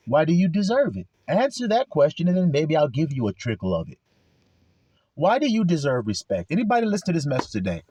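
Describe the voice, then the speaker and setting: A man's voice: fairly high pitch, big pitch swings, a little fast, warm tone, breathy edge, no room sound, clean studio sound. A man preaching an informal sermon, confrontational and full of rhetorical questions, with coarse language.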